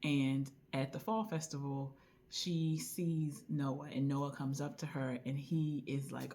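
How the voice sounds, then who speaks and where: A woman recommending a book in a casual, chatty way, retelling the story with lively asides. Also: deep voice, a little slow, a little hiss or hum. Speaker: book reviewer.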